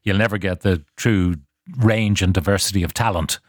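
An older man hosting a radio interview, speaking in a measured, hesitant, thoughtful way. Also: sits low, steady tone, no echo, studio quality. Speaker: radio host.

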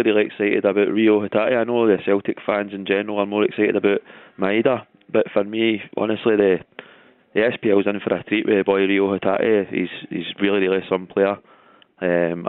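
Scottish man, enthusiastic caller, low flat voice, tinny phone line. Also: clean tone, no room sound. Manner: eager, enthusiastic. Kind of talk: phone-in call.

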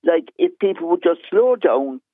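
A man from Cork with a Cork Irish accent, calling into a radio phone-in and talking in a measured, earnest, deliberate way. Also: a little high, sing-song, no echo. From Cork, Ireland. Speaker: caller. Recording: tinny phone line.

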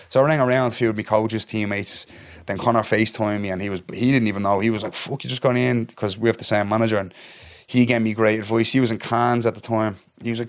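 A young man with a Dublin accent, a podcast guest retelling a story in casual chat and acting out the dialogue. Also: fairly low pitch. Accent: Irish, Dublin. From Ireland. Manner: animated retelling, acts out dialogue, keeps asking "do you know what I mean". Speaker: podcast guest, MMA fighter.

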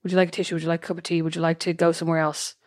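A woman's voice: fairly low pitch, little pitch movement, dry recording, studio quality. A woman co-hosting a podcast, talking casually and bluntly and teasing her co-host. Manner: fast, blunt, teasing talker. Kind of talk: casual chat.

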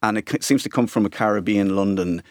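A man's voice: fairly low pitch, fast talker, no room sound, clean studio sound. A middle-aged Irish man chatting on a radio panel, rambling and tongue-in-cheek. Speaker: panel guest, writer and broadcaster. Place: radio studio.

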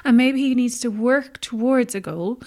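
A woman's voice: on the high side, moderate pace, warm tone. A woman co-hosting a casual podcast as a childcare expert, explaining things in an earnest, emphatic way.

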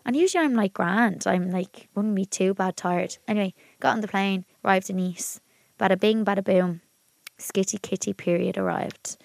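A woman's voice: mid-range voice, normal speed, vocal fry, dry recording. A young Irish woman co-hosting a podcast, telling blunt, chatty stories in casual talk. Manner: chatty, laughing, blunt storyteller. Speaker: podcast co-host. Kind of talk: casual chat.

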